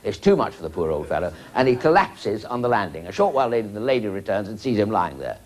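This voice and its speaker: A man's voice: on the low side, very animated, quick pace. A man telling a long rambling joke with chuckling asides. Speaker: comedian.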